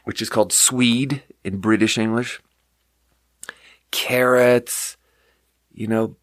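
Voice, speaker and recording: A man's voice: mid-range voice, fairly even intonation, takes it slowly, no room sound, studio quality. A man hosting a podcast, rambling in casual chat with frequent laughs and casual swearing. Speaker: podcast host.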